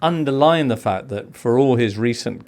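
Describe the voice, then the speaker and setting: Man, football podcast host, animated pitch, casual and jokey. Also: normal speed. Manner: lively, jokey presenter leading segments. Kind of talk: casual chat.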